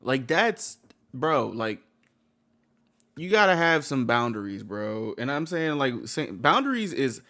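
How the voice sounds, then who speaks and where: A man's voice: mid-range voice, sing-song, a little slow, pushed and bright. A man giving heated reaction commentary on a video, blunt and slangy, swearing and repeating himself.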